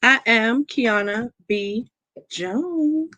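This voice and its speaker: A woman's voice: a little high, animated, fairly quick, sharp tone, no room sound. Giggly woman co-host, dry sound. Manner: giggly, playful banter. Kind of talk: casual podcast chat.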